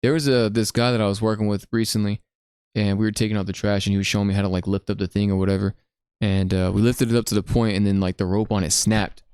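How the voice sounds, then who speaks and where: Fast-talking slangy young man. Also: on the low side, clear, resonant tone, dry recording, clean studio sound. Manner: slangy, animated storytelling with lots of "bro". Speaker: podcast host. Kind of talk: casual chat.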